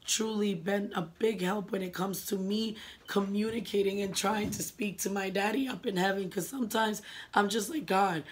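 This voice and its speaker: Middle-aged woman, earnest personal vlogger, casual and heartfelt, filler-heavy, medium pitch. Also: fairly even intonation, moderate pace.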